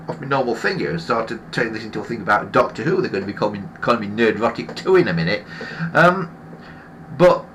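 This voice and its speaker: A man hosts a casual live stream, airing strong opinions in a slow, grumbling rant. His bright voice swings widely in pitch, and he often trips and restarts mid-sentence. A faint hiss sits under the recording. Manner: rambling with frequent restarts.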